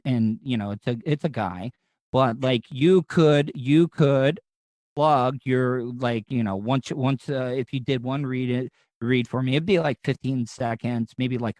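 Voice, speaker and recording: A man's voice: medium pitch, no echo. Man, chatty podcast host, eager, restless, fillers everywhere, bone-dry sound. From Southern United States. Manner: excitable, rambling with many fillers and restarts. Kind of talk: casual interview chat.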